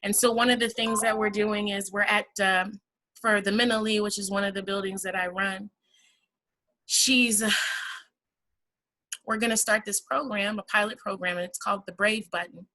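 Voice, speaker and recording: Over a video call, a woman hosts a virtual fundraiser for a housing nonprofit, speaking casually and warmly and calling everyone y'all. Her mid-range voice is steady and sharp at a moderate pace, though the recording is low quality.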